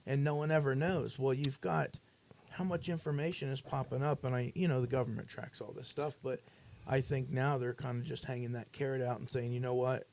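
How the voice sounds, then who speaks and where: A man's voice: medium pitch, fairly even intonation, fairly quick, vocal fry, a little mellow, a little hiss or hum. A man co-hosting a podcast, musing and hedging as he thinks aloud in casual chat. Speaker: podcast co-host.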